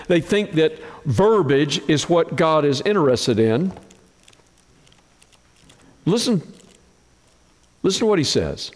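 A man preaching a sermon as pastor, slow and emphatic, with dramatic swings in pitch. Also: big-room sound.

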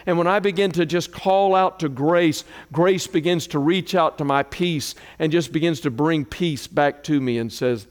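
A man preaching a sermon as a pastor, moving between loud declarations and hushed prayer. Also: a little high, normal speed, few pauses. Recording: long hall reverb.

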